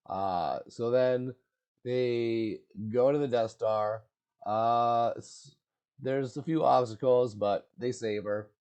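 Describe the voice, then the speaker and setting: A man's voice: mid-range voice, steady tone, slow, darkish tone, smooth. A man giving a casual, slangy movie recap in a laid-back way, full of filler words.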